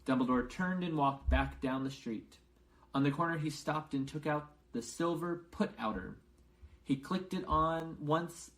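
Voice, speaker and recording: A male English teacher reading a novel aloud for learners, clearly and carefully, with short explanations. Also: mid-range voice, poor audio.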